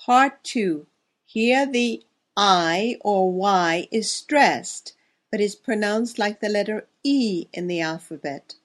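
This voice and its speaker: A woman teaching English pronunciation on a podcast, reading word lists slowly and clearly for listeners to repeat. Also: mid-range voice, lively intonation. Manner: slow, careful, clearly enunciated word lists. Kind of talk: pronunciation drill lesson.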